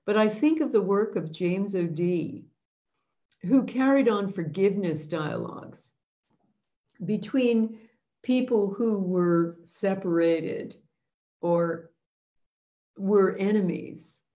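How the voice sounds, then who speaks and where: Slow, earnest woman with a mellow voice. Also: medium pitch, dull audio. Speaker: host leading an intention webinar. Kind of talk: reflective storytelling talk.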